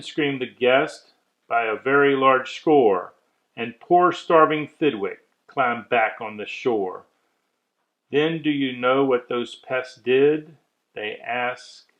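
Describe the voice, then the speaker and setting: Man reading a rhyming children's story, unhurried, mid pitch, expressive. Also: poor audio. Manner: measured, expressive rhyming delivery. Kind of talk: rhyming storybook read-aloud.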